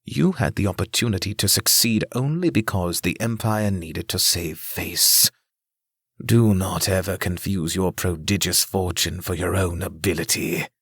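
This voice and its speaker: A man's voice: low-pitched, fairly bright tone, breathy edge, dry recording, clean studio sound, heavily acted. A man doing a haughty royal heir. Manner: slow, haughty.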